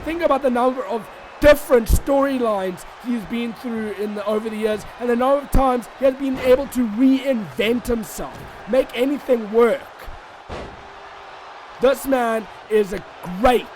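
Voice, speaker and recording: A man giving excitable, shouty solo commentary over a wrestling video game, swinging between rants and mock outrage. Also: extremely high pitch, measured pace, a little hiss or hum.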